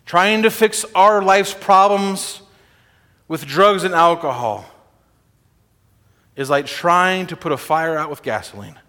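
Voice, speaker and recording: A man preaching a sermon to a congregation in a church, animated and informal, often laughing. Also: sits high, takes it slowly, pauses often. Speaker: guest preacher. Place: church sanctuary. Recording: long hall reverb.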